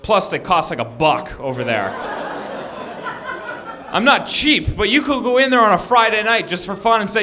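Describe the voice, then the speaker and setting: A man performing a stand-up comedy set, telling animated stories and acting out shouting characters. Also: high-pitched, normal speed, long pauses.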